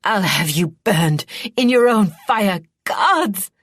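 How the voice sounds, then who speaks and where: A woman voicing a weakened, furious young princess who screams herself hoarse. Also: medium pitch, animated, slow, no room sound, clean studio sound, voice pushed up. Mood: enraged screaming.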